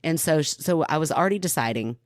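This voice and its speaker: A woman's voice: sits low, brisk, no echo, clean studio sound. A woman from Kentucky, a podcast co-host, telling a long personal story in casual chat, laughing often and acting out the people in it. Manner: animated, laughing storyteller who acts out quoted people.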